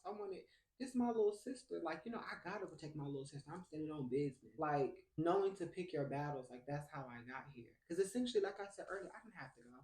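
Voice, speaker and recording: A young man telling a personal story to viewers in a casual, animated way, calling them baby and y'all. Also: mid-range voice. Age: young adult. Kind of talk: storytime vlog, casual chat. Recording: roomy echo.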